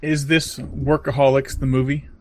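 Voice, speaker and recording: A man's voice: mid-range voice, level tone, normal speed, a little mellow. A man chatting casually as co-host, giving short reactions. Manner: brief reactions, laughs along. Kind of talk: casual chat.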